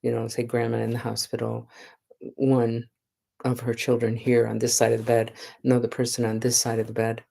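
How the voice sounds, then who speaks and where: A woman giving a Buddhist dharma talk as a nun, in an unhurried, conversational way that often checks in with her listeners. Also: extremely low pitch, monotone, gravelly, warm tone. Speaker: Buddhist nun teaching meditation.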